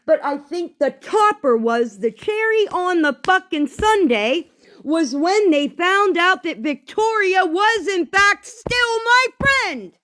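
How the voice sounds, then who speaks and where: A woman's voice: sits high, a bit bright. A woman on a livestream, ranting in a profane and exasperated way about a falling-out. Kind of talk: angry livestream rant.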